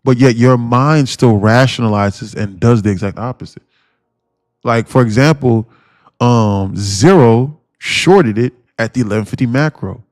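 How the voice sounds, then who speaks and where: A man's voice: medium pitch, measured pace, no echo, studio quality. Blunt, rambling male stream host. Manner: rambling, slangy, repeats himself, blunt rhetorical questions. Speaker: day-trading livestream host. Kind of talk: casual livestream chat.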